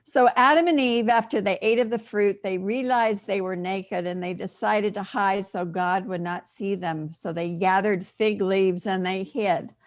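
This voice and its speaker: Middle-aged lady preaching in church, gentle storytelling, a bit of humor. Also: mid-range voice, steady tone, measured pace, hardly any pauses. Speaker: minister. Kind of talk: sermon. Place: church sanctuary.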